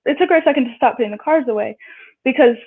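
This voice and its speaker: A woman's voice: high-pitched, rapid-fire, slightly rough. A woman guest telling a personal story in casual chat, acting out what people said in raised voices. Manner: chatty, acts out quotes in raised voices. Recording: tinny phone-line audio.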